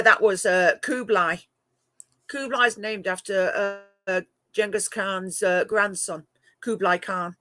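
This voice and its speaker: A middle-aged live-stream host and moderator from England, their accent part northern and part southern, talks casually with viewers, laughs frequently and chats to pet cats. The mid-range voice has a fairly bright tone and no room sound.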